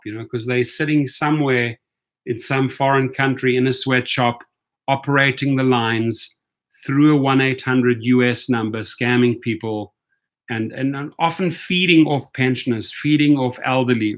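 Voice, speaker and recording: A man's voice: medium pitch, moderate pace, a bit bright. A man hosting a casual livestream, talking emphatically and asking rhetorical questions. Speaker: rideshare channel host.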